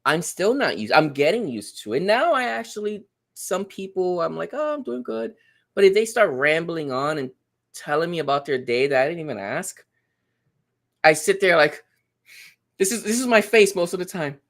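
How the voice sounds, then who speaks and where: Guest, male, snarky deadpan storyteller, animated pitch. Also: moderate pace. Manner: dry, sarcastic storyteller. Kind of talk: casual chat.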